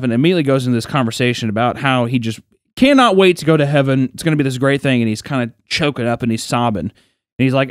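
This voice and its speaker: Man, young adult, podcast storyteller, animated, profane, mid pitch, dry close sound. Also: fast talker, no echo. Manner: animated, profane, acts out quoted voices. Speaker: podcast co-host. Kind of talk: casual storytelling chat.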